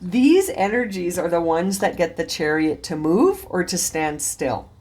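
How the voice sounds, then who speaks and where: Tarot reader, woman, lower register, earnest encouraging delivery, thinks aloud. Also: lively intonation, unhurried, darkish tone, slight background noise. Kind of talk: tarot reading monologue.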